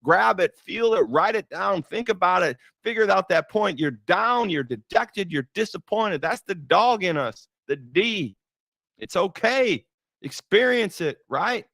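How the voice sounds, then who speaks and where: A man's voice: sits high, lively intonation, measured pace, creaky, a bit bright, no room sound. A middle-aged man giving a faith-based motivational talk, emphatic and repetitive with a preacher-like cadence. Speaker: motivational speaker.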